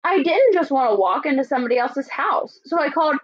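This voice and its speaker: A woman teacher voicing a sly, chatty male wolf as she reads a storybook aloud in a lively, playfully indignant way. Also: sits high, a little fast. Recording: dull lo-fi recording.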